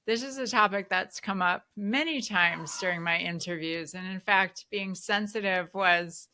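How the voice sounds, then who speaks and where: A woman hosting a podcast, telling stories in a lively conversational way with frequent laughter. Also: mid-range voice, a little slow. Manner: animated storyteller, laughs often. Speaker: podcast host.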